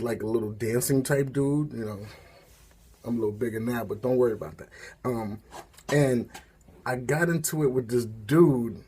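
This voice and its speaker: A man's voice: mid-range voice, darkish tone, husky. A man hosting a story time, talking casually in a rambling way with lots of fillers and asides.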